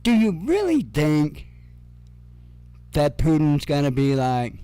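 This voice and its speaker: A male commentator talks slowly and deliberately, his sarcasm sharpened by swearing and chuckling asides. His voice sits a bit high for a man, and the recording is dry and close. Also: huge pitch swings, dark tone, clean tone, no room sound. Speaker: news commentary host. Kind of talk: casual news commentary.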